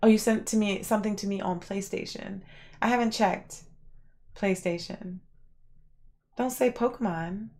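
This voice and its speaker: A woman hosting a livestream, casually chatting and answering viewers, rambling with lots of fillers and animated reactions. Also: mid-range voice, measured pace, pauses often. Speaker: livestream host.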